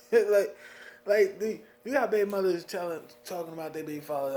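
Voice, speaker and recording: A young man from New Jersey venting about being a father in a casual monologue, animated, with lots of "you know what I mean". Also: moderate pace. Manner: animated, swings loud and high when worked up, frequent "you know what I mean". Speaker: vlogger talking about fatherhood.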